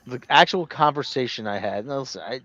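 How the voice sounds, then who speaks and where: A man's voice: mid-range voice, expressive, a little fast, a bit bright, muffled recording. A man chatting casually while gaming, rambling and telling stories. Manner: rambling, restarts, tells stories with voiced quotes.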